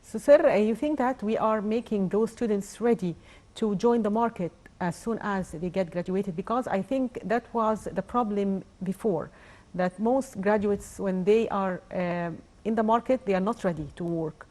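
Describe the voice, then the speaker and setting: A woman hosts a morning TV interview. Her voice sits at a middle pitch, and she asks polite questions padded with many fillers. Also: moderate pace, warm tone. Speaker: TV show host.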